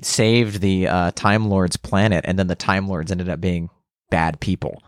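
Young man, animated, laughing, dry sound. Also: low-pitched, unhurried, no room sound. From Kentucky. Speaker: podcast cohost. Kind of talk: casual chat.

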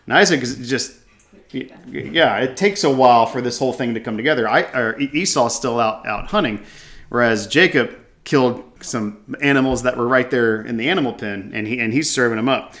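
A Bible teacher reads verses aloud from a scripture passage and then comments on them, with casual restarts and asides. His voice is mid-range and fairly bright, and he speaks at a moderate pace.

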